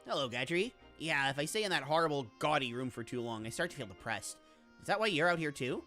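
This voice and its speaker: A young commander speaks low and plainly, earnest and a little weary, as a woman reads his lines. His tone is subdued and steady, like a video game hero read aloud. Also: fast, faint music behind. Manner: flat, plain-spoken, subdued.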